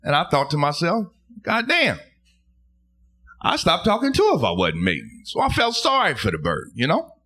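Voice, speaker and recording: Animated stand-up comedian, bright voice. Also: male voice, on the high side, normal speed. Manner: loud, animated storytelling with crude punchlines. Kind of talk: stand-up set then casual chat. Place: live comedy stage.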